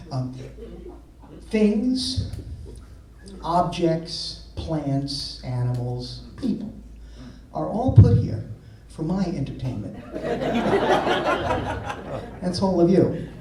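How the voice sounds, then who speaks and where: A man, a blues singer and guitarist, telling deadpan jokes to the crowd between songs on an outdoor festival stage. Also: on the high side. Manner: joking, deadpan storyteller. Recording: echoey live sound from far off. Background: guitar music.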